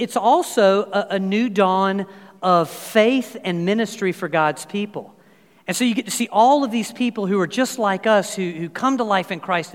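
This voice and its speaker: A man in his fifties preaching over a church sound system. His voice sits high and his delivery is animated, full of fillers and restarts. A long reverb fills the sanctuary behind him. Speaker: pastor. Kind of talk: sermon with personal anecdotes. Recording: long reverb of a large hall.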